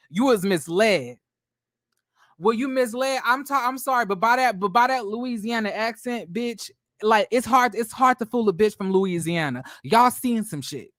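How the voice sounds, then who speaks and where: A man hosting a gossip commentary channel, talking in a brash, profane, theatrical way with drawn-out exclamations. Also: high-pitched, a bit bright, no echo, studio quality.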